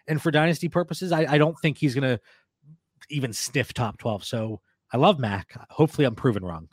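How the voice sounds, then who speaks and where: A man's voice: mid-range voice, fairly quick, dry recording, clean studio sound. A man co-hosting a casual podcast discussion, steering the talk and passing questions to his co-hosts. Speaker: podcast co-host, fantasy football analyst.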